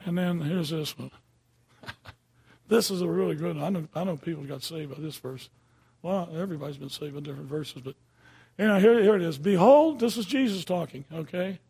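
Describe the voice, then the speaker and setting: A man's voice: a little high, brisk, creaky, darkish tone, breathy edge. An older man preaching a sermon in a folksy, conversational way, often checking in with his listeners.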